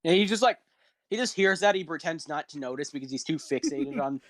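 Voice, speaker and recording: A man's voice: fairly high pitch, lively intonation, a little fast, no room sound. Rambling young male game master. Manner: rambling, loose, full of fillers. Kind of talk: narrating a tabletop game on a live stream.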